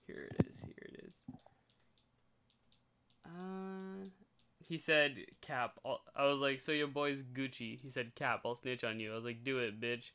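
A man's voice: medium pitch, sharp tone, smooth. A teenage man casually telling a rambling story as a podcast co-host, swearing freely and laughing often.

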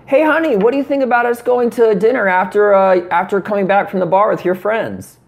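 A man's voice: high voice, a little fast, creaky, pitched above the performer's own voice. A man putting on the voice of a girlfriend sweetly asking her partner out to dinner. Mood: coaxing.

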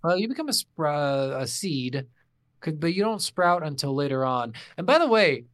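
A man co-hosting a casual game review podcast, animated, swearing freely and acting out his reactions. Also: on the high side, normal speed, no echo, studio quality. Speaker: podcast co-host.

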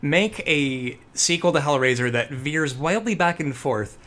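A man co-hosting a podcast, chatting casually about horror movies, animated and profane with jokey asides. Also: a little high, a little slow. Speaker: podcast co-host.

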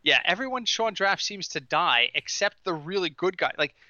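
A man chats on a casual podcast with a very bright, slightly high voice, telling stories with animation and stifled laughter. The sound is dry and a little dull, as if through a modest mic. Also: moderate pace, dry recording. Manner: animated storytelling, laughing through his lines. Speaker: podcast co-host.

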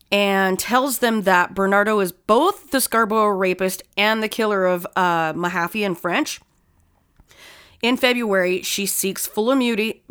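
A woman's voice: medium pitch, a bit bright, clear, resonant tone. A woman co-hosting a casual true-crime podcast. She swears freely and drops dry, sarcastic asides while she recounts the case. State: sore tooth. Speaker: podcast co-host.

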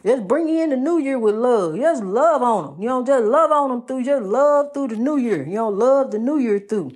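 A woman's voice: on the high side, normal speed. A woman giving a rhythmic, preachy monologue, repeating her phrases and calling the listener honey. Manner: lively, swings between loud and soft.

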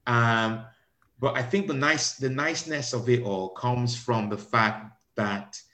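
A man, a comedian, talking about his stage character in a relaxed interview, often restarting his sentences. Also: mid-range voice. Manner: halting, repeats words, laughs often. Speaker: comedian guest. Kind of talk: conversational interview.

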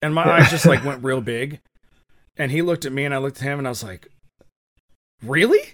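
Talking fast in a mid-range, somewhat bright voice, this young man co-hosts a podcast. His casual storytelling rambles along with many fillers and restarts.

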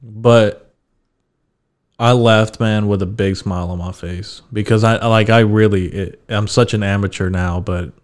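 A man's voice: on the low side, steady tone, a little slow. A young man hosting a podcast, telling a story in a casual, laid-back way. He swears freely and laughs as he talks. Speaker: podcast host.

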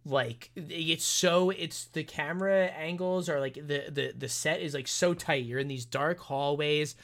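A man co-hosting a film review podcast, retelling the plot in a rambling, animated way with many restarts and fillers. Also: a little high, measured pace. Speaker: podcast co-host. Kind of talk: casual film review chat.

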